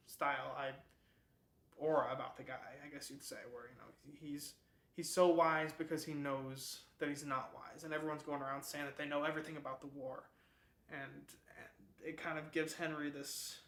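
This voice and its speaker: Guy summing up a book, chatty and rambly, bright voice, echoey room. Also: on the high side. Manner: chatty, rambling, laughs at the plot. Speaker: book club video host. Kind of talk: casual book summary.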